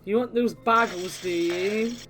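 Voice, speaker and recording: English woman streaming a game; playful, indignant teasing, mid-pitched voice over soft game music. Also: unhurried. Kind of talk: casual chat while playing a game.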